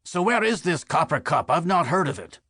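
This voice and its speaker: A man's voice: on the high side, sing-song, moderate pace, pushed and bright, breathy edge, no room sound, heavily acted. A man voicing a wry older man. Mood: teasing. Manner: needling, dry teasing. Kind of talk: audiobook character voice.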